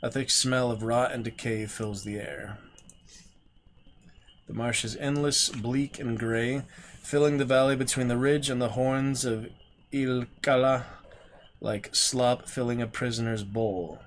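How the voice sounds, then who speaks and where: A man streaming a gamebook, reading the story slowly and steadily, with quiet mumbled asides to himself. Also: medium pitch, steady tone, slight background noise.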